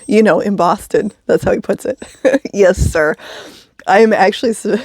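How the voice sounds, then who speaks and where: A woman's voice: mid-range voice, normal speed, a little mellow, husky, no echo, clean studio sound. A woman telling a story in a casual vlog, chatty, with wry asides and frequent laughs. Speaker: vlogger living in a vehicle.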